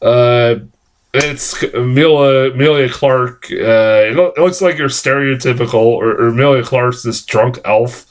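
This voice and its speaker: A man's voice: medium pitch, a little slow. A man giving a casual, rambling film review, full of filler words, swearing and self-corrections, sounding tired.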